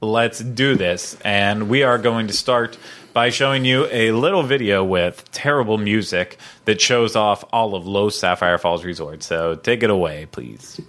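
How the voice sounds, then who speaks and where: A man's voice: fairly low pitch, normal speed, fairly bright tone. A man hosting a podcast in casual chat, rambling with lots of fillers and playful banter. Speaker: podcast host.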